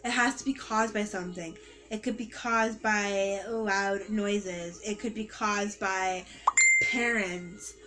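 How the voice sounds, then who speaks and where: A woman's voice: mid-range voice, steady tone, slow, music in the background, poor audio. Rambling teenage girl telling a story. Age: teens. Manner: rambling, with many fillers and self-corrections. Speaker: vlogger. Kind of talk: casual personal storytelling.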